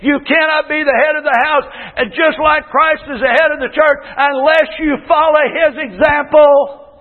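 A man in his sixties, a pastor preaching a folksy sermon with shouted bursts and homely stories. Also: very high-pitched, steady tone, moderate pace. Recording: tinny phone-like sound in a long-echo hall.

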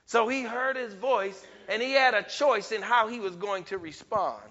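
High-voiced preacher with emphatic sermon delivery. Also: male voice, moderate pace, long reverb tail, dull audio. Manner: emphatic, rising to near-shouts then dropping low.

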